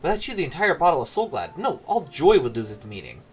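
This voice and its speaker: A man reading a gushing, flattering servant from a game aloud. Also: a little high, fast, husky, heavily acted. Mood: fawning. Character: flattering fawning male servant.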